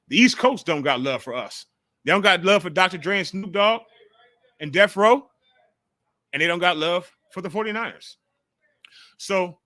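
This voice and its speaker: A man hosting a casual call-in sports talk livestream, talking in an animated, profane way on a close mic. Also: fairly high pitch, no echo. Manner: animated, profane, jumps into mocking quotes. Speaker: call-in show host.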